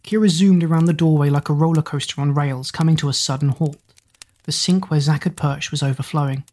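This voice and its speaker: A reader narrating a children's story in an even, measured way. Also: medium pitch.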